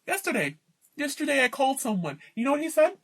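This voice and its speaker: A woman's voice: high voice, very animated, fast talker, gravelly, a bit bright. Indignant woman ranting to camera. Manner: indignant, emphatic, mocking impressions of landlords. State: worn out. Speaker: vlogger. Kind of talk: personal rant to camera.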